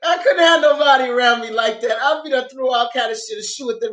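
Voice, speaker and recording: Talking fast with hardly a pause, a high-voiced woman who reviews dramas chats off the cuff to her viewers about shows she's watched. Excitable and profane, she laughs often; the audio carries a roomy echo.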